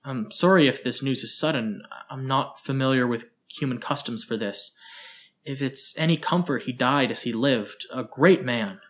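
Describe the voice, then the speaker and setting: A courteous tentacled alien, speaking with careful, measured formality, as a male narrator reads him. His voice stays even and low-key throughout, in the manner of a storybook. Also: natural voice. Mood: apologetic.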